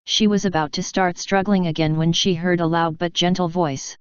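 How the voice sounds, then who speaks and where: Woman audiobook narrator, steady even read, very smooth voice, dry dull lo-fi sound. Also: lowish voice, moderate pace, dry recording.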